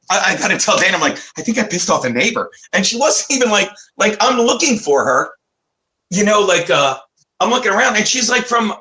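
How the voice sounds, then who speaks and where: A man's voice: high-pitched, sharp tone. A man co-hosting a casual livestream chat, telling a rambling story while he walks around a house on a phone call. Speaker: co-host of a livestream talk show. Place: walking around a house, indoors.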